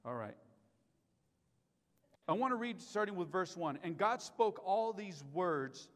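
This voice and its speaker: A male pastor delivers a sermon in a high, ringing voice. He stresses key lines and puts questions to the church. The live stream carries a long reverb from the sanctuary. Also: lively intonation, a little slow, a bit bright. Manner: emphatic preaching, repeats key lines, asks the church questions.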